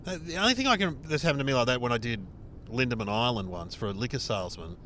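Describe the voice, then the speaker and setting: A middle-aged Australian man and comedian, telling a rude, animated story in casual chat and acting out the other people in it. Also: medium pitch, fast, a little hiss or hum. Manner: animated, swearing, acts out dialogue. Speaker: comedian podcast host. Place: inside a car on a road trip.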